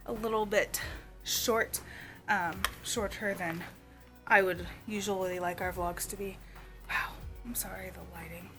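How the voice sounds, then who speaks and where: A woman's voice: mid-range voice, a bit bright. A young woman chatting casually in a vlog, rambling and sick, losing her voice and coughing. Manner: chatty, rambling, lots of "like" and "y'all". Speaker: vlogger.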